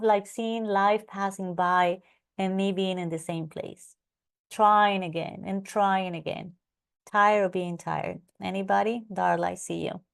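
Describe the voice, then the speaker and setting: Woman teaching a live online class, acts out her old thoughts, greets viewers by name. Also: medium pitch. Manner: animated, acts out her own past thoughts; reads out attendee names from chat. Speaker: online course coach.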